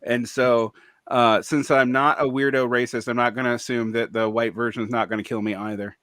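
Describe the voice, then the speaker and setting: Male podcast co-host, mid pitch, bright edge, dry sound, hesitant and wry. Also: flat delivery, brisk, slight background noise. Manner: hesitant, filler-heavy, wry. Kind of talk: casual podcast chat.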